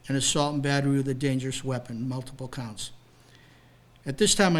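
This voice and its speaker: An older man with a somewhat high voice tells a crime story to a library audience. He is a retired detective who is plain-spoken and moves between stiff report phrasing and loose, chatty asides. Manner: plain-spoken, mixes formal report wording with casual asides. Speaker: retired police detective speaking at a library talk. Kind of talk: storytelling, reading from a case report.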